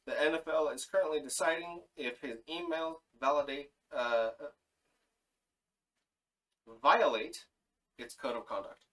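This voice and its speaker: Male podcast co-host reading notes aloud, stumbling and correcting himself, somewhat high, a bit off-mic. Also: bright, forceful tone, recorded from a distance, rough recording. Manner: reads list haltingly with fillers and self-corrections.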